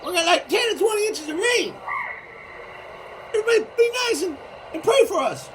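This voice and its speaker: A woman voicing a loud, folksy talking puzzle-piece state who uses slangy speech, with music underneath. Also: extremely high pitch, expressive, brisk, a little hiss or hum, pitched above the performer's own voice. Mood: urgent.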